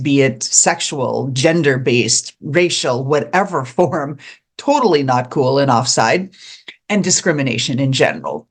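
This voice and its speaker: An animated host speaking directly to the audience in a mid-range voice. The delivery is expressive and conversational, with quick bits of acting when quoting others. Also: mid-range voice. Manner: animated, acts out quoted people. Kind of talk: advice talk to camera.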